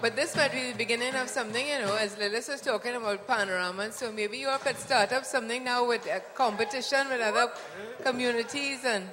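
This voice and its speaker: Female telethon host, slightly high voice, chatty and affirming. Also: fast, in a large hall, over music. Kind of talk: live television appeal.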